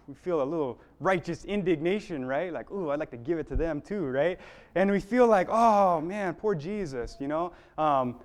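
A man preaching a sermon in an earnest, building way, with fillers and restarts along the way. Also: high voice.

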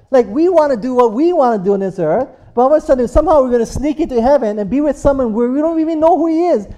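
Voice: mid-range voice, mellow. A preacher delivering a sermon, repeating points and asking the congregation for amens. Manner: repetitive, rhetorical, calls for amens.

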